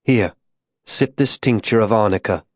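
A man voicing a tormented religious zealot who speaks to a child in a hushed, tender way. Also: on the low side, moderate pace, dry recording, studio quality, close to an everyday voice. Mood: anguished.

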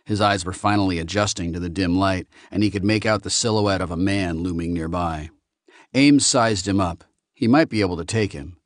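A man narrating an audiobook in a steady, even storytelling manner. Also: deep voice, normal speed, no room sound, studio quality. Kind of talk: scripted narration.

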